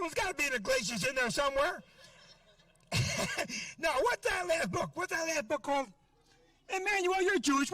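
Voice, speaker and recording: A middle-aged stand-up comedian rants through his set on a comedy club stage, brash and profane. His very high voice comes across bright and forceful. The audio is dry and picked up from a distance.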